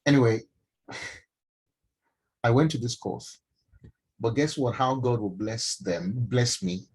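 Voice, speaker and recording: A middle-aged Nigerian man with a Nigerian accent, a doctor telling a personal story to an online audience in an emphatic, animated way. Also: mid-range voice, slow pace, breathy edge, poor audio. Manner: emphatic, animated, addresses listeners directly. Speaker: doctor and mentorship speaker. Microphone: online stream from home.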